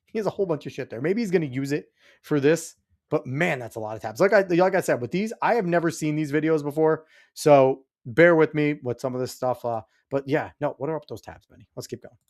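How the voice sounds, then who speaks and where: A man's voice: a little high, fairly quick, a little mellow. A man hosting a podcast livestream, reacting to a video clip in casual, rambling commentary and getting exasperated with his chat and the clip.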